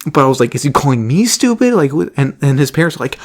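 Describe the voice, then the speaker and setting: A young man casually telling a story about a job, animated, laughing often and swearing freely. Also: medium pitch, fast talker, hardly any pauses. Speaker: vlogger.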